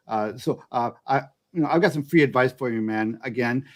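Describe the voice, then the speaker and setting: A man's voice: medium pitch, a little fast. A man co-hosting a podcast, chatting casually and adding wry, cynical asides. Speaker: podcast co-host. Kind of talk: casual political chat.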